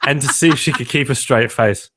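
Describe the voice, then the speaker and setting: A man's voice: medium pitch, a little fast, a bit bright. A man hosting a podcast, telling rambling, jokey stories in casual chat. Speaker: podcast host.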